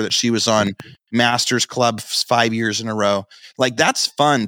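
A man's voice: medium pitch, fairly bright tone, no room sound, clean studio sound. A middle-aged man co-hosting a podcast, chatting casually and telling stories that he acts out in quoted dialogue. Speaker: podcast co-host.

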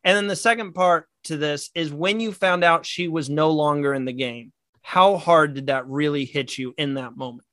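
A man's voice: fairly high pitch, normal speed, fairly bright tone, no room sound. An American man hosting a podcast interview, enthusiastic and asking long multi-part questions. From United States. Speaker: podcast host. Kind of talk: casual interview.

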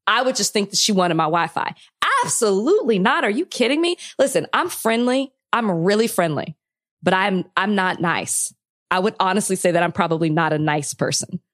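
A woman's voice: mid-range voice, lively intonation, moderate pace, a bit bright. A woman on a podcast giving her opinion bluntly and with force. Her voice swings up and down a lot as she talks. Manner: blunt, emphatic, laughs often. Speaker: podcast co-host. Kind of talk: casual chat.

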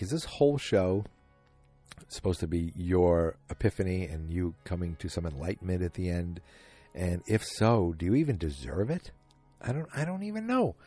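Man, podcast host, casual recap, mellow tone, faint music underneath. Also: sits low, husky. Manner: rambling, thinking aloud with many fillers.

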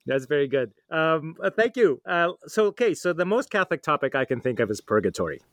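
Brief: male podcast host, friendly, reflective interviewer, a touch high-pitched. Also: sing-song, fairly quick, fairly bright tone, no echo. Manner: friendly, thoughtful, with fillers. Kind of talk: casual interview chat.

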